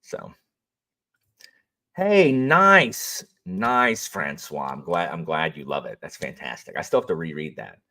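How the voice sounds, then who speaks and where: Deep-voiced male streamer, lively swings in pitch, rambling and chatty with viewers. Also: unhurried, gravelly. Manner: rambling, chatty, greets viewers, frequent fillers and restarts. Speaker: audiobook narrator and livestream host. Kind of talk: casual livestream chat.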